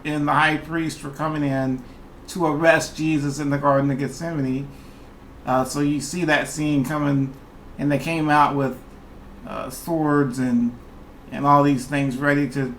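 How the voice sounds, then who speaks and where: A youth pastor speaking in a short devotional talk, slow and earnest with a folksy, plainspoken manner. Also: male voice, fairly high pitch, fairly bright tone, a little hiss or hum.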